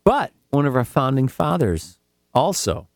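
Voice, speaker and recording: A man's voice: mid-range voice, sing-song, a little slow, no echo, clean studio sound. A man co-hosting a casual comedic chat, telling stories with swearing and mock voices. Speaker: podcast co-host.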